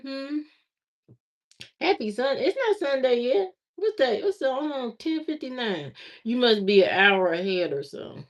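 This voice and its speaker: A woman's voice: high-pitched, sing-song, measured pace. A woman with a Southern US accent hosting a casual livestream, chatting in a rambling way and greeting viewers by name. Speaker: livestream host. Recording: slightly dull lo-fi stream audio.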